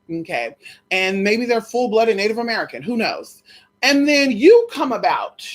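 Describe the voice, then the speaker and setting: Telling a gossipy story in a mid-range voice, this woman vlogger keeps things casual, addressing listeners as girl and honey. She swears and says phrases again for emphasis.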